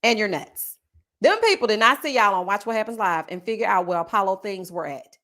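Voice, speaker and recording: Animated, sassy woman with a lilt. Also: mid-range voice, brisk. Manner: animated, sassy, frequent "honey" and "child" asides, laughs often. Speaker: YouTube reality TV commentator. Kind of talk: casual live-stream chat reading comments.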